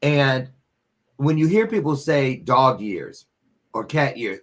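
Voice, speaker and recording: Animated man in his sixties hosting. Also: medium pitch, slow. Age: 60s. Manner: animated, eager follow-up questions. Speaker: podcast host. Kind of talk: interview conversation.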